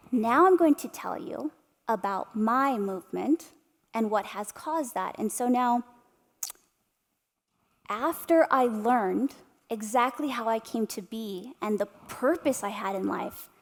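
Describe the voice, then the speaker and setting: A woman in her thirties speaks a little slowly in a slightly high voice while giving a motivational keynote. Telling stories with animation, she engages the audience through tag questions, and the large arts-center hall adds a long reverb.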